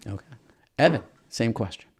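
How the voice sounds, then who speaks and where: A man hosting a podcast interview, upbeat and jokey, firing off quick questions. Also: mid-range voice, lively intonation, a little mellow. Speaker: podcast host. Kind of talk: casual interview.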